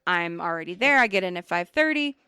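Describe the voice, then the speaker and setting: Animated, profane woman telling a story. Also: lowish voice, a little fast, smooth, dry recording, clean studio sound. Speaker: podcast co-host. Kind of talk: casual storytelling chat.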